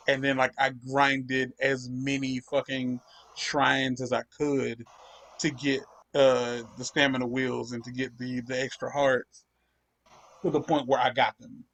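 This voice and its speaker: A man's voice: medium pitch, flat delivery, unhurried, fairly bright tone. A young man hosting a gaming channel, ranting profanely in casual chat while he plays. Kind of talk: casual chat over gameplay.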